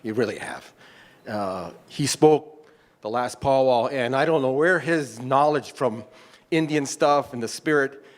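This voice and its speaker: Nonprofit guy at the mic, casual and kinda halting, sincere thanks. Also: mid-range voice, lively intonation. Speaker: nonprofit representative. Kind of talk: public comment. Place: council chamber.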